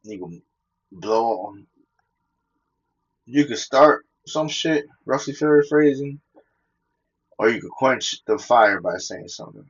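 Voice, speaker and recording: A man's voice: medium pitch, animated, slow pace, creaky, long pauses, breathy edge, highs cut off. A man talking casually and profanely, telling personal stories and quoting scripture, laughing between his points.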